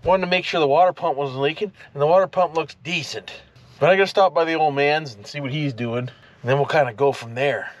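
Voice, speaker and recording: A man's voice: fairly high pitch, a little fast. A middle-aged man rambling folksily to the camera as he drives an old pickup truck. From Ontario, Canada. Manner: folksy, rambling, talks to passing animals. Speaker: vlogger. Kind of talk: casual driving commentary. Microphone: camera mounted in the truck cab. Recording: loud engine and road noise in a truck cab. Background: engine and road noise.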